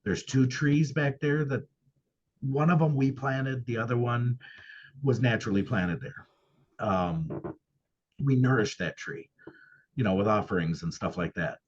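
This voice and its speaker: A man's voice: mid-range voice, a little slow, pauses often, slightly rough, dull audio. A man who owns a paranormal venue, speaking as a guest in a casual interview and telling his experiences earnestly and emphatically.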